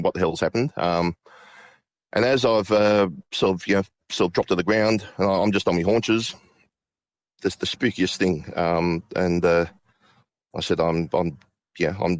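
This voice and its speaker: A middle-aged man recounting a personal ghost story, halting with many restarts and fillers. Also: deep voice, dry recording. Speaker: guest.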